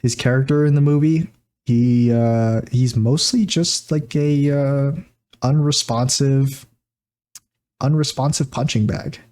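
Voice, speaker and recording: A man's voice: medium pitch, steady tone, slow, a little mellow. A man co-hosting a podcast, rambling through recaps in casual chat, laughing often and filling gaps with "like" and "uh". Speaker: podcast co-host.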